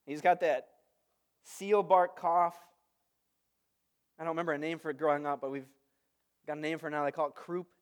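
High-voiced man preaching conversationally. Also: moderate pace, long pauses, clean tone. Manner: conversational, storytelling with lively asides. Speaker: pastor. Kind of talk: sermon.

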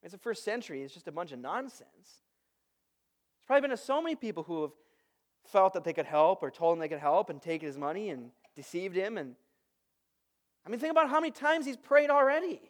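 Man, pastor, high-pitched, conversational sermon, casual asides. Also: brisk. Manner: conversational, storytelling with lively asides.

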